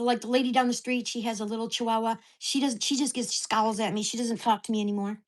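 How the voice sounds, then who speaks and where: Blunt, profane woman ranting at home. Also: fairly high pitch. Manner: blunt, profane, heated storytelling. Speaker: vlogger. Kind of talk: casual ranting vlog.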